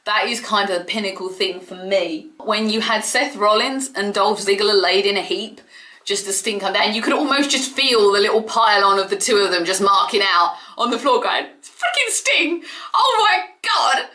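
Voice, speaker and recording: A chatty woman reviews a wrestling event on her own, gushing and excitable as she goes. Her voice is bright and forward. The room around her is echoey and bare. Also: mid-range voice, moderate pace. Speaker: wrestling vlogger. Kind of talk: casual solo review. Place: home room.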